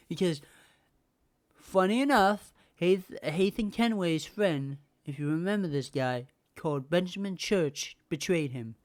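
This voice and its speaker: A woman's voice: on the low side, expressive, unhurried, a little mellow. A woman hosting a podcast, ranting casually and heatedly with lots of swearing and repetition. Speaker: podcast host. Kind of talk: casual rant.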